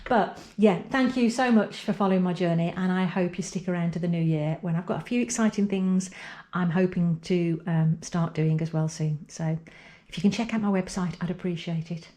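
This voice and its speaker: A woman's voice: lowish voice, moderate pace, roomy sound. A middle-aged woman, chatting casually in her home pottery studio while feeling unwell and tired. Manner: chatty, rambling, softly emotional. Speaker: pottery vlogger. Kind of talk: casual vlog talk to camera.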